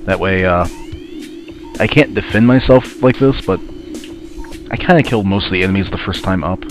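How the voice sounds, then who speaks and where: A man's voice: low-pitched, moderate pace, soft background music. A man with a stuffy, sinus-congested voice, casually commenting while playing a video game, rambling and grumbling at the game. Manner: rambling, muttering asides to the game. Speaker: let's play commentator.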